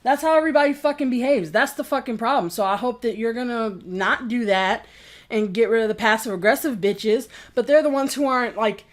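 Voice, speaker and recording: A woman with a fairly high voice delivers an angry vlog rant. She swears constantly and sounds exasperated, mocking the people she is criticising. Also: fairly quick. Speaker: game reviewer vlogger.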